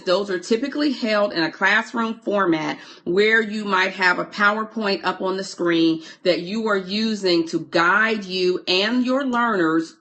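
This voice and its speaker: This woman, an online course coach, runs a live-streamed lesson and reads comments as she goes. Her mid-range voice has a fairly bright tone, and she chats freely, repeating words and pausing mid-sentence to say hello and thanks to viewers.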